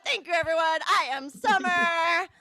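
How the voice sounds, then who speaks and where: A woman's voice: very high-pitched, moderate pace, heavy background noise. A woman hosting a comedy show online, sarcastic and giggly.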